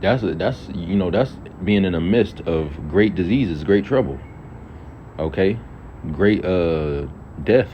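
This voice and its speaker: This man's low-pitched, animated voice takes its time as he delivers an informal Bible lesson. After reading scripture aloud, the preacher breaks it down in relaxed everyday language sprinkled with "all right" and "okay," all captured on dull lo-fi audio with faint traffic sounds.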